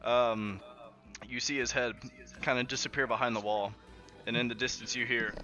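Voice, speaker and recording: A man's voice: medium pitch, fairly even intonation, normal speed. A man narrating a tabletop game as game master, in a rambling, giggly way full of fillers, in a muffled lo-fi recording with faint music.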